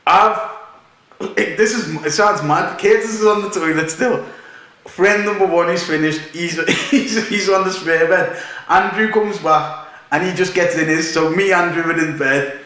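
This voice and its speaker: A podcast host from the north of England spins a rowdy story in loose, animated chat, laughing his way through it. His voice sits a little high for a man. The room rings around him with heavy echo. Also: normal speed. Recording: echoey room.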